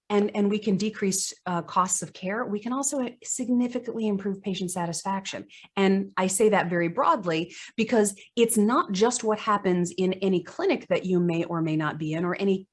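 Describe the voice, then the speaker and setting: A woman gives a conference talk over a video call, at a pitch typical for a woman. She is earnest and conversational, poses rhetorical questions to her listeners, and restarts a phrase here and there. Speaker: conference presenter, psychologist. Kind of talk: online conference presentation. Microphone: video call microphone.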